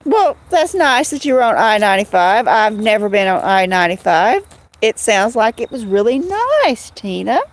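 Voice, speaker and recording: A woman's voice: mid-range voice, very animated, moderate pace. A middle-aged woman, hosting a casual livestream from her rural home and answering viewers by name. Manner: chatty, drawling, answers chat by name. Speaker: livestream host.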